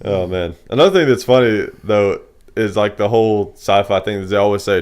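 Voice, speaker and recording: Male podcast host, laid-back and amused, lower voice, keeps the chat rolling. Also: fairly quick, darkish tone, clear, resonant tone. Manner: easygoing, frequent agreeing "yeah" and laughter.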